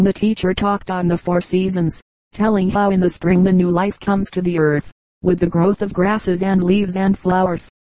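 A woman reading a collection of short jokes aloud as a steady, unhurried audiobook narration. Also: fairly low pitch, no room sound, low-quality recording. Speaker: audiobook reader.

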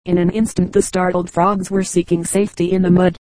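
A woman reading fables aloud as an audiobook narrator, measured and even, on a close mic. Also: fairly low pitch, no room sound, poor audio. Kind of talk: scripted storybook narration.

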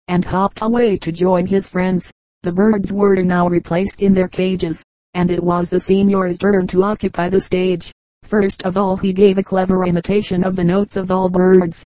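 A woman reading a storybook aloud in measured, scripted narration. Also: fairly low pitch, warm tone, no room sound, low-quality recording. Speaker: audiobook reader.

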